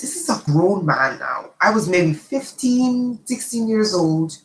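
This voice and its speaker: Woman host, casual storyteller, lively delivery, echoey room. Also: lowish voice, unhurried, hardly any pauses, a little hiss or hum. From immigrant to the United States. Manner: chatty, animated, checks in with "okay?". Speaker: channel host.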